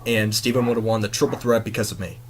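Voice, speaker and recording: A man's voice: fairly low pitch, fairly even intonation, fast, slight background noise. Young male host, hesitant casual chat. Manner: hesitant, lots of "um" fillers.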